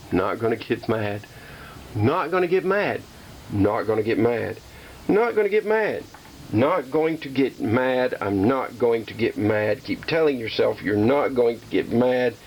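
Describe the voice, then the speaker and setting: Man, mid pitch, casual workshop vlogger, chatty and self-mocking, faint hiss behind. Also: rough recording. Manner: talks himself down, repeating calming phrases in a singsong way; self-deprecating, chatty with viewers. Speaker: hobbyist restoring a slot machine.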